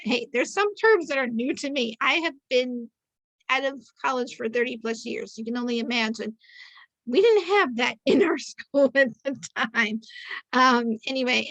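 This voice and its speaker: A woman's voice: a little high, vocal fry, fairly bright tone, no echo, poor audio. A woman in her fifties hosting a podcast over a video call, chatty and rambling, correcting herself as she goes and slipping in jokes. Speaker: podcast host. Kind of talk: casual interview introduction.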